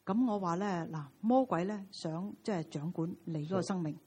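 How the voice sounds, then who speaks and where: A woman's voice: on the low side, moderate pace, mellow, husky. A woman interpreting a sermon phrase by phrase, using many fillers.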